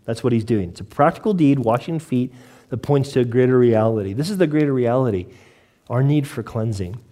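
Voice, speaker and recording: A male pastor delivering a sermon to his congregation, lively and joking, often asking rhetorical questions. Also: mid-range voice, a little fast. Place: church before a congregation.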